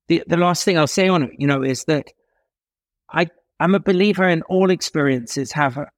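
A man from England telling a story as an interview guest, animated, with dramatic pauses and emphatic swings in pitch. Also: no room sound, clean studio sound.

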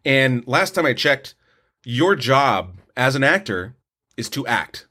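Slow-paced but very animated, this podcast co-host reviews films in loose, opinionated chat, wandering off and restarting often. His mid-range voice has a sharp tone.

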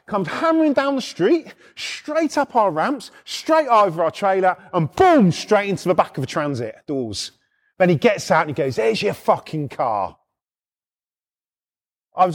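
A middle-aged man with a British accent, telling a rough anecdote in blunt, heavily profane casual speech. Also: high-pitched. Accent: British English. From United Kingdom. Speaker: storyteller.

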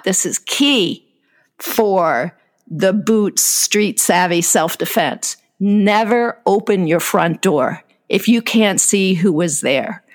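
A woman guest in casual chat, telling personal stories in an unhurried way, often breaking into laughter and letting sentences trail off. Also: mid-range voice, expressive.

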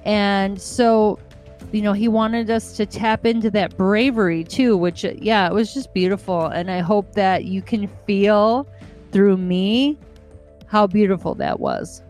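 A woman's voice: mid-range voice, animated, unhurried, a little mellow, faint music behind. A woman from the United States hosting a podcast, talking through a casual monologue in an earnest, heartfelt way, repeating phrases for emphasis. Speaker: podcast host.

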